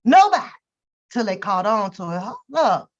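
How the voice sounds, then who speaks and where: A woman telling stories and giving comedic commentary in a profane, animated, joking way. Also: mid-range voice, normal speed. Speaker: reaction channel host. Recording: dull lo-fi recording.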